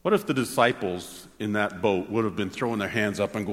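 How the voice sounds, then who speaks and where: A man preaching a sermon as pastor, animated, swinging between excited exclamations and soft low asides. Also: a little fast, few pauses, slight background noise. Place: church sanctuary. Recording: long hall reverb.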